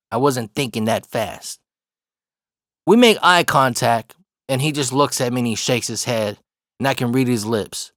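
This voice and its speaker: A man's voice: medium pitch, fairly bright tone, dry recording, clean studio sound. A man casually telling a personal story, swearing freely and often laughing. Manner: profane, laughs through the story.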